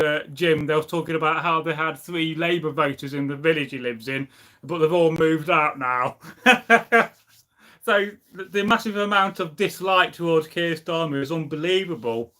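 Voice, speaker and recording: A man chatting on a casual live stream, rambling from one thought to the next and reading viewers' comments. His voice sits a little high and has a bright, forceful edge. He sounds opinionated and loose, with plenty of ums along the way.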